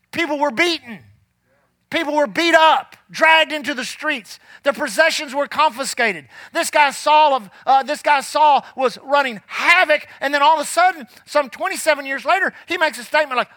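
Pastor guy preaching, folksy and emphatic, high bright voice, dry sound. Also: dry recording. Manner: emphatic preaching with slowed scripture reading. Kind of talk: sermon.

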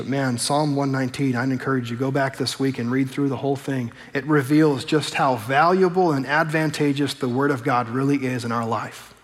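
A man preaching a sermon as pastor, talking in a relaxed, conversational way and slowing down to stress the scripture he quotes. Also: medium pitch. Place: church sanctuary. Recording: long hall reverb.

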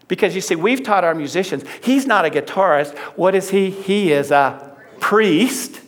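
Middle-aged guy preaching, fairly high voice, chatty, keeps repeating phrases. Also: expressive, moderate pace. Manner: conversational, repeats phrases for emphasis. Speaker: pastor. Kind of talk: sermon.

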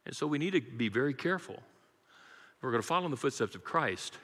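A man's voice: on the high side, very animated, fairly quick, long pauses, a bit bright, big-room sound. A man preaching a sermon as pastor, emphatic and rhythmic, calling out to his congregation in a church sanctuary.

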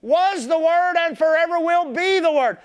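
Preaching as a pastor, this man speaks with passion at a moderate pace. He repeats his main phrases and moves from shouting for emphasis to quiet, low asides.

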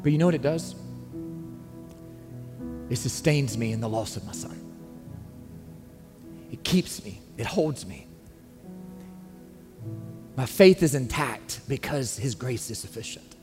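A man preaching a sermon as pastor, earnest and emphatic, pleading with his listeners. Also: mid-range voice. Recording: long reverb, faint music underneath.

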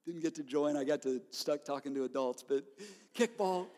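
A man preaching a sermon as a pastor, telling stories in an animated way and laughing often. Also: fairly high pitch, moderate pace. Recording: long hall reverb.

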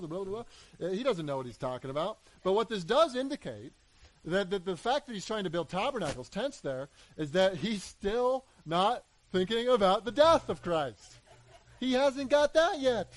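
A man preaching a sermon, animated, acting out voices in the story and building to emphatic peaks. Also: high-pitched, normal speed, no echo, low-quality recording. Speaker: pastor.

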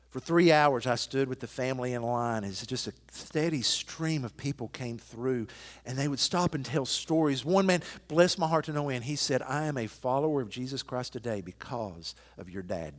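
A middle-aged male pastor preaching a sermon, telling stories and swinging from hushed to loud and emphatic. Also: medium pitch, moderate pace, in a large hall.

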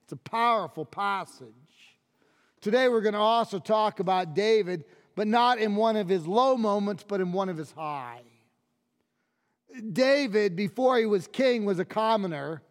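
High-voiced man preaching in a reverberant hall. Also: expressive, normal speed. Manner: emphatic, drops low and quiet on key phrases. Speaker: pastor. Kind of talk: sermon.

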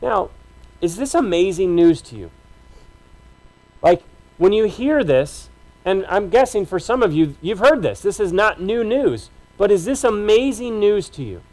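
A man with a notably high voice for a male speaker delivers a sermon from the pulpit. He talks to the congregation in a conversational, emphatic way, piling up short repeated phrases. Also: sing-song, measured pace, a little mellow, rough recording. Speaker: pastor.

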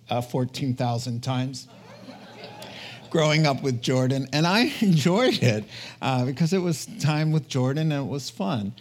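A man's voice: mid-range voice, darkish tone. A man preaching a conversational sermon in an earnest, chatty way, often checking in with his listeners. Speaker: pastor.

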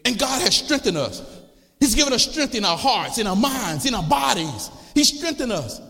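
A man preaching a sermon as a church's congregational director, impassioned and repetitive, building up to shouting. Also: very high voice, big pitch swings, moderate pace, gravelly. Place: church sanctuary. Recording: long church reverb.

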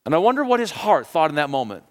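A man preaching a sermon and retelling a story in a conversational, animated way, often asking the listeners questions. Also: on the high side, fast talker.

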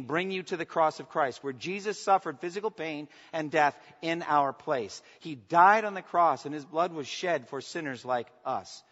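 A man preaching a sermon as pastor, swinging from emphatic declarations to soft, intimate asides and asking the congregation for response. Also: a little high. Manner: preaching with rising emphasis, then dropping to soft, intimate lines. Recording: long reverb, dull lo-fi sound.

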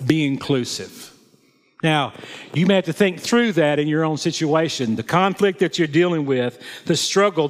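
A man preaching a sermon in a slow, measured way, his voice set a little high for a man. He reads scripture aloud and then applies it. A long reverb hangs behind him, as in a large hall. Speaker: pastor.

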